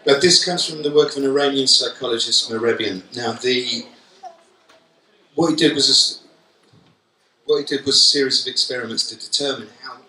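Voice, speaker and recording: A man delivers a keynote in a conference hall, lively and joking as he throws questions straight at the audience. His voice is very bright and sharp-edged. It is picked up from a distance, with the hall's echo ringing around it. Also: medium pitch, fairly quick, long pauses. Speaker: keynote speaker. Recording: echoey hall from far off.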